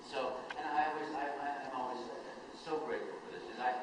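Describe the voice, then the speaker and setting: An older man and voice actor, telling animated, self-interrupting stories at a live panel in a large hall. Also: medium pitch, quick pace, noisy background. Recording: echoey hall from far off.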